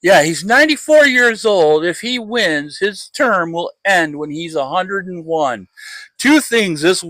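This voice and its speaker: A man's voice: high voice, animated, a little slow, bright, forceful tone, no echo. A Gen X man co-hosting a casual podcast, blunt and profane as he agrees and adds jabs. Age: 40s or 50s. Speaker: podcast co-host. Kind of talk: casual political chat.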